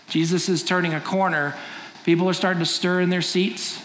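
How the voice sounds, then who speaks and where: A man's voice: high-pitched, fairly even intonation, a little fast, fairly bright tone, a little hiss or hum. A middle-aged man preaching a sermon in a conversational, storytelling way, acting out scenes. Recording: echoey room, faint ambience.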